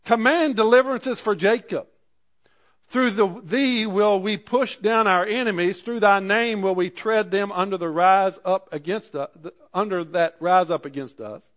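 Man, preacher, high voice, reads scripture then paraphrases it, sermon. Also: normal speed, a bit bright. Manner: reads scripture aloud and paraphrases it in plain speech.

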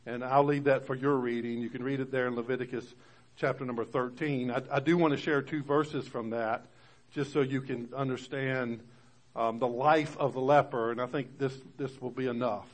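A male pastor delivering a conversational sermon to his congregation. He rises louder and higher when reading scripture aloud. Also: fairly even intonation, moderate pace.

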